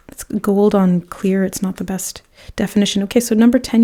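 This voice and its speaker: Mellow-voiced woman giving a chatty tarot reading. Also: medium pitch, normal speed, few pauses. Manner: chatty and informal, often trailing into soft breathy asides. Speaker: tarot reader. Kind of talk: pick-a-card tarot reading.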